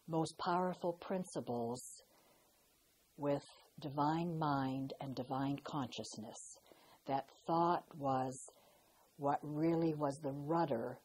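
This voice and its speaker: An older woman recalling her past in a slow, reflective way, pausing and restarting as she tells her story. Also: low voice, darkish tone, slight background noise, rough recording. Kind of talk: personal recollection.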